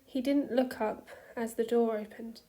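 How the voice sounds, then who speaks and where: A woman narrating a fan story softly, with a hushed, gentle reading voice. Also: a little high, steady tone. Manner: slow, soft, hushed reading. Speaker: fanfiction reader.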